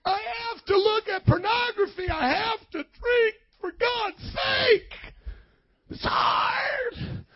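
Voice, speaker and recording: A man's voice: extremely high pitch, takes it slowly, lo-fi sound, voice pushed up, heavily acted. A male preacher voicing a whiny, self-pitying churchgoer who wails that God's commands are too heavy. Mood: wailing. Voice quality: wailing, crying-voiced.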